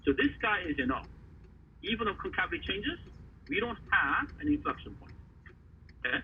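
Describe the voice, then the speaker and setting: A man teaching a math lesson, talking haltingly with many fillers and quizzing the class. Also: high-pitched, very animated, distant mic. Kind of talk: classroom lecture at a board. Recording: faraway voice over a tinny, noisy line.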